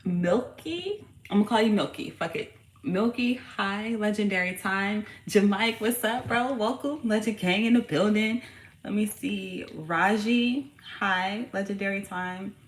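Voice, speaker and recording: A woman's voice: mid-range voice, a little slow. Casual, profane woman tarot reader, roomy. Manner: casual, profane, slangy and hyped-up. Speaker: tarot reader and channel host. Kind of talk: casual tarot reading livestream chat. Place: home room with her young son nearby. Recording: roomy echo with faint background noise.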